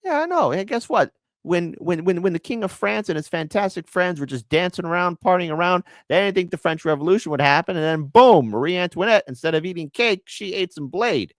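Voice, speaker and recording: Male host, indignant political rant, lively swooping pitch, dry voice. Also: fairly quick, few pauses, dry recording. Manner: fiery, indignant ranting. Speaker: commentary host. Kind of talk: political commentary.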